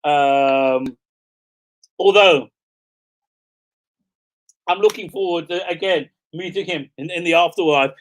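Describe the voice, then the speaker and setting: A man's voice: a little high, takes it slowly, pauses often. A middle-aged man, hosting a casual livestream as a rabbi and telling a story in a rambling way, with frequent laughter, fillers and restarts. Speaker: rabbi and show host.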